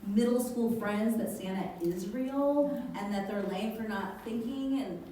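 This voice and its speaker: A high-pitched woman tells a stand-up story at an unhurried pace. She is picked up from a distance in a very echoey hall, with loud room noise underneath. She leans into sudden high, lively voices to quote her kids. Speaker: stand-up comedian. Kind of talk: stand-up comedy set. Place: live comedy venue.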